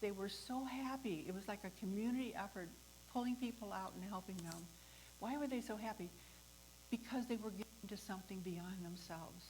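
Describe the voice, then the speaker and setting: Animated woman telling a personal story. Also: mid-range voice, a little fast, slight background noise, rough recording. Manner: animated, acts out the voices in her story; laughs often. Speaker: host.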